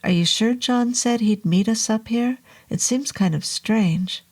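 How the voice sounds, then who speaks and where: A baffled, skeptical male doctor in a spooky story, asking questions in a raised, rising voice, as a woman puts him on. The tone stays husky and slow. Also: a little high, a little mellow, pitched above the performer's own voice. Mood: doubtful. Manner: bewildered, questioning.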